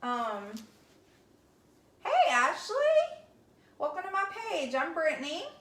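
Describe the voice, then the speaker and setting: Woman, Southern Alabama accent, folksy livestream chatter, fairly high voice, roomy echo. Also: sing-song, takes it slowly, fairly bright tone, slight background noise. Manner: chatty and folksy, answers viewer comments aloud. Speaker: craft livestream host. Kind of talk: casual livestream chat while painting.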